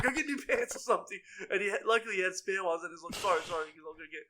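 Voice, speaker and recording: Racing and animated, a young podcast co-host with a high, pushed, bright voice tells rowdy, crude stories peppered with profanity and constant laughter, all in casual storytelling chat.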